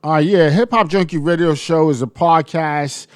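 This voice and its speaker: A middle-aged man with a New York-area accent, a guest answering interview questions calmly in casual chat. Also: a little high, normal speed, dry recording, clean studio sound. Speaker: guest, hip-hop artist.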